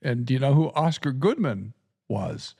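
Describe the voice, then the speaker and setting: Creaky-voiced chuckling man hosting a podcast. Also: medium pitch, sing-song, moderate pace, a little mellow. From Nebraska, USA. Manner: chatty, chuckles often, frequent restarts. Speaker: podcast host and seminary professor. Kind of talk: casual podcast chat.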